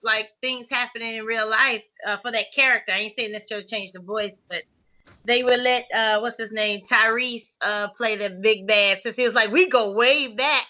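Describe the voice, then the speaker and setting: A woman's voice: fairly high pitch, steady tone, normal speed, bright, forceful tone. A woman co-hosting a casual film review chat, joking and sarcastic. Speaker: podcast co-host.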